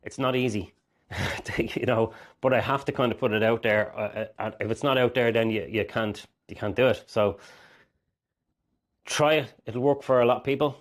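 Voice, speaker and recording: A man's voice: medium pitch, moderate pace. A man speaking as a mindset coach, earnest and rambling, often acting out inner voices. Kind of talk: direct-to-camera coaching talk.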